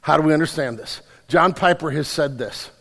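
High-voiced man preaching in a reverberant hall. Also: brisk, gravelly. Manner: animated, repeats phrases, asks the congregation questions. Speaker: pastor. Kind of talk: sermon. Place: church hall.

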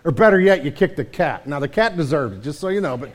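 A pastor preaches to his congregation in a conversational style, his high-leaning voice lively and fast. He repeats words, restarts mid-sentence, and keeps throwing in "man."

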